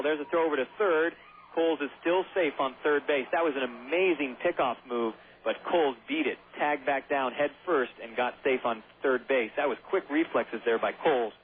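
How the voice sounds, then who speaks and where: Goofy guy doing baseball play-by-play, rambles and cracks jokes, thin phone-ish radio sound. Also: medium pitch. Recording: tinny phone-like radio broadcast.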